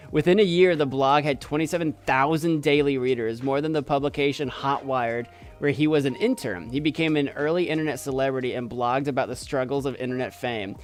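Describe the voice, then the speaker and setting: A man streaming, reading on-screen text aloud and adding wry, amused asides. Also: medium pitch.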